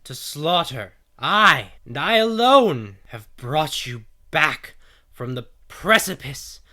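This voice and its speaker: A man voicing a cult leader, preaching grandly and slowly to kneeling followers. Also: on the high side, big pitch swings, pushed and bright, voice pushed up, full character voice. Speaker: game master. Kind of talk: tabletop game narration.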